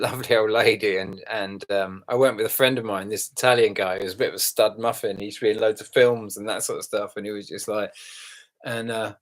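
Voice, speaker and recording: A man hosting a casual live stream, rambling and halting with many fillers, yawning and relaxed after some red wine. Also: on the low side.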